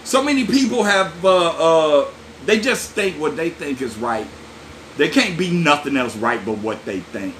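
A man's voice: fairly high pitch, normal speed. Pastor guy preaching, folksy and chatty, voice bouncing all over, bit of hiss behind. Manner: lively, folksy preaching with laughs and asides to listeners. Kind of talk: sermon.

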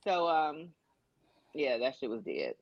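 A woman's voice: very deep voice, takes it slowly, no echo, highs cut off. A woman co-hosting a casual podcast, telling stories with lots of acted-out quotes, speaking. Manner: animated storytelling with acted-out quotes. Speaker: podcast co-host. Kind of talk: casual chat.

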